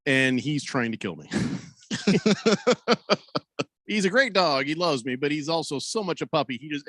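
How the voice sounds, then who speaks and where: Man, sports radio host, slightly high voice, out of breath, joking, rambling, dry close studio sound. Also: a bit bright, no room sound. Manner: joking, rambling, frequent restarts. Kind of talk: casual sports radio talk. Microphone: studio microphone.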